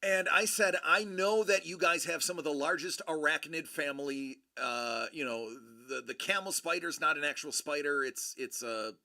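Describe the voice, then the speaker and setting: Bright, rambling man telling stories. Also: on the high side, moderate pace, creaky, hardly any pauses. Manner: rambling, jokey storyteller with many restarts. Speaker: collectibles show host. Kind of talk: casual chat.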